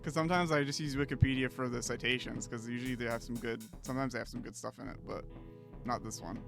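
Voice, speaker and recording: A man's voice: medium pitch, steady tone, quick pace. A man co-hosting a podcast in casual chat, offhand and laughing often. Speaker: podcast co-host. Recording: music clearly behind voice.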